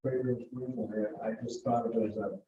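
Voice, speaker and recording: A man's voice: medium pitch, level tone, fairly quick, mellow, slight background noise. A man rambling hesitantly at a meeting, trailing off between thoughts. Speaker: meeting member. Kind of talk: casual meeting talk. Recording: distant roomy dull meeting recording.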